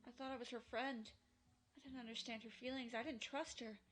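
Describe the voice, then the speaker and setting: A woman's voice: a little high, steady tone, a little fast, fairly bright tone, faint music behind, close to an everyday voice, poor audio. A woman voicing a young teenage boy in a visual novel fan dub, turning from accusing to remorseful. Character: boy, young teen, bitter and anguished.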